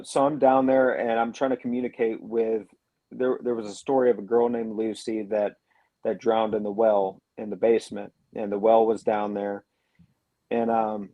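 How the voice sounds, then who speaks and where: A man, a paranormal investigator on a radio show, telling his experiences in an earnest, reflective way with many pauses and fillers. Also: on the low side, mellow, dry recording. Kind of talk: telling a story in a radio interview.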